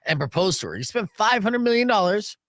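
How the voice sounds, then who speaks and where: A man's voice: sits high, fairly quick, no echo, clean studio sound. A man hosting a casual talk radio show, joking around and laughing often. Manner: jokey, animated, laughs often. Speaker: radio and podcast host.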